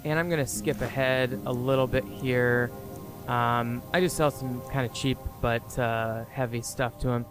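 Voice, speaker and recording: A man's voice: medium pitch, fairly even intonation, measured pace. A man giving casual, rambling commentary on a video game he is playing, with lots of fillers. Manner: chatty, rambling, with frequent fillers. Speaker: let's player. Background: game music.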